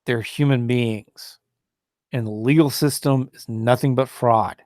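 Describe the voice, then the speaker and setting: A man's voice: medium pitch, fairly even intonation, a little slow, darkish tone, dry recording, clean studio sound. A man hosting a solo talk show, rambling and indignant, with many fillers and restarts, who mocks opposing views in a raised, sneering voice.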